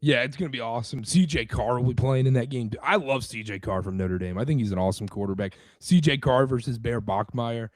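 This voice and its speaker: A young man with a hoarse, worn-out voice, co-hosting a casual sports podcast in an excitable, jokey way. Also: medium pitch, fairly quick, few pauses, no echo. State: hoarse, losing his voice. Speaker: podcast co-host.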